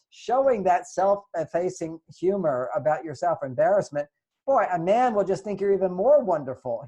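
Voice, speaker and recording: An older man, a relationship author appearing as a guest, gives advice in an earnest, lecturing manner and acts out the lines he quotes. His voice sits high and has a warm tone.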